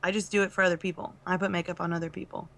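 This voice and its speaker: Bright, lower-pitched woman chatting. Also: level tone, rapid-fire, gravelly. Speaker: convention event director, guest. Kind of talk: casual chat.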